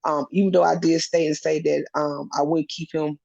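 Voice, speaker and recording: A woman's voice: low voice, flat delivery, moderate pace, vocal fry, darkish tone. A woman being interviewed as a custodial parent, speaking earnestly in a rambling way with many fillers. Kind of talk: personal interview. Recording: dull lo-fi recording.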